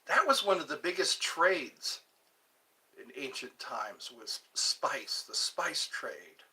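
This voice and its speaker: A man chats on his own vlog in a loose, meandering way, hopping from one passing thought to another. His delivery is slow and unhurried, with a bouncy, sing-song pitch that rises and falls a lot. He sounds a little distant, as if sitting back from the microphone. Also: sing-song, pushed and bright. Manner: rambling, musing aloud, drifts between topics. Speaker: channel host. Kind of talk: casual solo vlog chat. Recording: voice a bit far from the mic.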